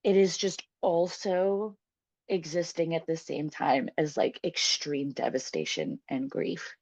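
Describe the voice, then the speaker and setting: A woman's voice: sits low, measured pace, darkish tone, husky, no room sound. A young woman telling a personal story as a podcast guest, candid and emotional, swearing freely and laughing often. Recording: dull, dry, lo-fi podcast sound.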